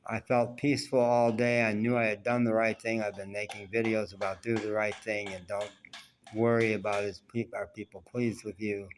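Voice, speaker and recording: Male vlogger, lowish voice, candid and rambling, casual personal storytelling. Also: level tone, normal speed, slight background noise. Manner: rambling, candid, self-reflective.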